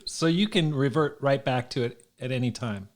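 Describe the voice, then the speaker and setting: A man's voice: medium pitch, normal speed. Casual male podcast host. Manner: relaxed, restarts and repeats words while thinking. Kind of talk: conversational interview.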